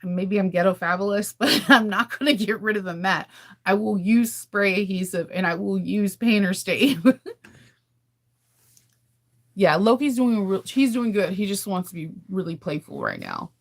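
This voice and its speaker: Very animated and speaking at a normal speed, a woman with a mid-range voice hosts a livestream. She's from California and keeps it casual, chatting frankly with viewers and laughing frequently.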